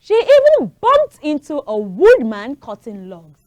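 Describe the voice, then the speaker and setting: Woman storyteller, children's show host, slow, very lively pitch, dry sound. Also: no room sound, dull audio. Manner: animated, talks to the kids directly.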